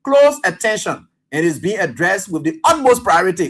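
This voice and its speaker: A man with a Liberian English accent hosts a live radio talk show. His voice sits a little high, and he mocks the statement he reads aloud. His commentary runs on in an animated, lively way. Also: moderate pace, hardly any pauses, breathy edge.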